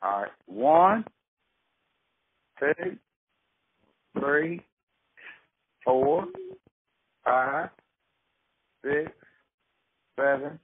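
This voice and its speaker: Prank-call bit: man playing an irate Southern caller from Mississippi, blustering and stubborn, slightly high voice, phone-line sound. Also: lively intonation, drawn-out words, long pauses, breathy edge, no room sound, exaggerated voice. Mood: indignant. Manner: blustering, cussing, rambling. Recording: tinny phone line with faint hiss.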